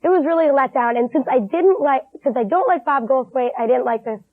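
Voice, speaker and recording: A woman's voice: high-pitched, fairly quick, no echo. A female co-host chatting casually about a movie she reviewed, giggly and full of "like". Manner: chatty and giggly, says "like" a lot. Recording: tinny lo-fi 1980s TV broadcast.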